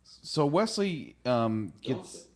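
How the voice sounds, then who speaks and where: Guy on a podcast loosely retelling a tv episode, does little voices for the characters, middling pitch. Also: big pitch swings, very slow. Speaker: podcast host. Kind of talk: casual episode recap.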